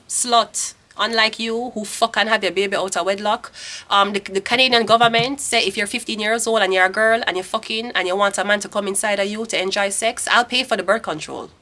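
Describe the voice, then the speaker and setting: Blunt, bright-voiced Jamaican woman. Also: mid-range voice. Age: 30s. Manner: blunt, profane, ranting. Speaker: tarot reader. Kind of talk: casual tarot reading.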